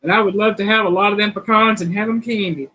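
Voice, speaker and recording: A woman's voice: medium pitch, steady tone, fast talker, bright, forceful tone, poor audio. A middle-aged woman, hosting a casual live-stream chat and reading quiz questions in a folksy, playful way. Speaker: host of a cooking channel's live chat.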